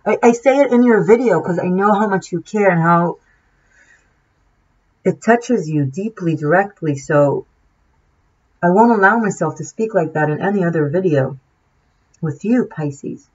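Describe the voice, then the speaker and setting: A woman's voice: on the low side, measured pace, pauses often, a little mellow, breathy edge. A woman tarot reader giving an impassioned, preachy monologue, swearing freely and restarting her sentences often. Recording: dull lo-fi sound.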